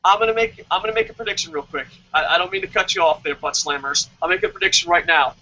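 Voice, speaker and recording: A high, piercing wrestling superfan, as a man puts him on rants in mock outrage, swearing and sneering with every line. The voice is bright and cutting. The audio is dull and lo-fi. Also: fast, full character voice. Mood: ranting. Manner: ranting, sarcastic, heavy swearing. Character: loud sarcastic adult male wrestling superfan. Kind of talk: comedic rant in character.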